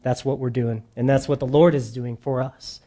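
A man preaching a sermon as pastor, animated, dropping to soft emphasis at the ends of phrases. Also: medium pitch, normal speed.

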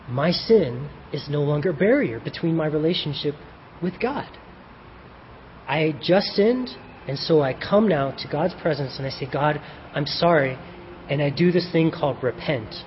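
Guy preaching, kinda high voice, asks questions then answers em, muffled recording w/ a faint hiss. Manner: asks rhetorical questions and answers them himself; reads in an old-fashioned scriptural style. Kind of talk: sermon with a devotional reading. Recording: dull, echoey hall with faint hiss.

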